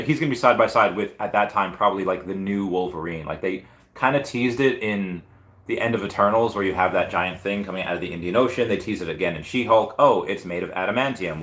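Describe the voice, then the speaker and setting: Hoarse male streamer, lower voice, loose rambling chat, roomy echo. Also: fairly bright tone. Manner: rambling, filler-heavy storytelling. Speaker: comic and collectibles YouTuber. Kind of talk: casual live stream chat.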